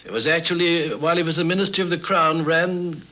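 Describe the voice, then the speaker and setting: An older man from Canada recounts his career with genial wit. His tone is bright and forward, broken by hesitant "uh" pauses. The sound is dull and lo-fi, like an old 1950s documentary. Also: on the high side. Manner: genial, witty storyteller with frequent "uh" pauses. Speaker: interview guest, member of Parliament. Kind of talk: formal anecdotal interview.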